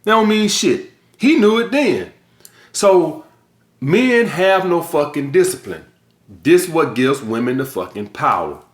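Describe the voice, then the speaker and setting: A high-voiced middle-aged man talks straight to his viewers in a blunt, profane monologue, hammering his points home. His voice bounces around an echoey room. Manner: profane, emphatic, lecturing. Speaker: vlog host.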